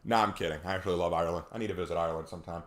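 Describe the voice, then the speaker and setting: A man's voice: deep voice, fairly even intonation, very fast. A young man casually chatting with his live-stream audience, joking around and answering chat. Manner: chatty, jokey, reads chat aloud.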